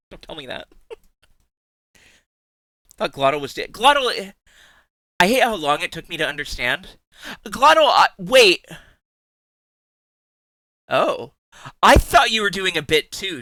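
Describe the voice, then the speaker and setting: A man's voice: fairly high pitch, pushed and bright, no echo. A young man streaming live, chatting casually with his viewers, teasing them, swearing freely and laughing often.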